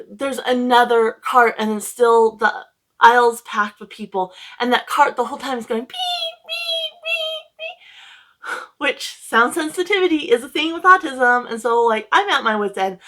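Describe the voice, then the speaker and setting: A woman's voice: on the high side, bright, forceful tone. A young woman casually telling a long, emotional story to her camera at home, rambling with many fillers. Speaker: book vlogger.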